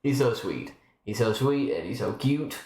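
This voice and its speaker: Lively-voiced male streamer, roomy sound. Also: medium pitch, normal speed. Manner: rambling and chatty, with restarts. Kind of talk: casual live-stream chat. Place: home room.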